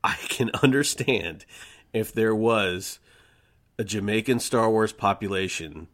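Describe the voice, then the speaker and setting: A man's voice: lowish voice, a little slow, fairly bright tone. A man co-hosting a podcast in casual chat, rambling with many stammered restarts and easy laughs. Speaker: podcast co-host.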